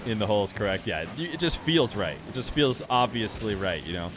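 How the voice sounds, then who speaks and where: A young man streaming a game and chatting casually with his viewers in a relaxed, rambling way. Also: fairly low pitch, fairly quick, noisy background. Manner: relaxed, rambling, talks straight to chat. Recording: music playing clearly behind the voice.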